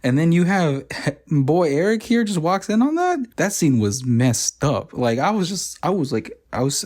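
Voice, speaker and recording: A young man rambles through a casual review of a show, his talk full of fillers, restarts and frequent laughs. His mid-range voice is a little mellow.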